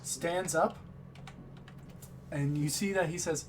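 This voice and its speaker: A man narrating as game master of a tabletop game, speaking in slow, deliberate phrases with many pauses. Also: fairly high pitch, slight background noise.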